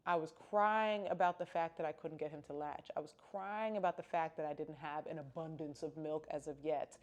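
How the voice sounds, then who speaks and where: A woman's voice: low-pitched, steady tone, brisk. A young woman telling a personal story in a casual, candid vlog, with emphatic exclamations. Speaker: vlogger.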